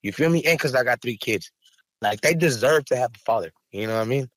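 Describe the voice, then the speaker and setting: A man's voice: mid-range voice, lively intonation, fast, dry recording. A man, speaking raw and profane in an emotional podcast interview. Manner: raw, angry, profane, rising to heated outbursts. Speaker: rapper and podcast guest. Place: podcast studio.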